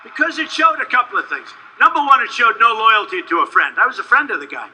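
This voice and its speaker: High, bright-voiced man at a rally. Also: animated, fast talker, slight background noise, low-quality recording. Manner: rambling, repetitive, boastful; shouts at times to a crowd. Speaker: political candidate. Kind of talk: campaign rally speech.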